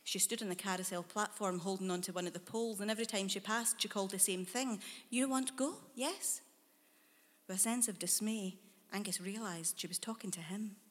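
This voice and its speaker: A woman narrating a dark short story in a measured, hushed storytelling manner. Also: medium pitch, steady tone, in a large hall.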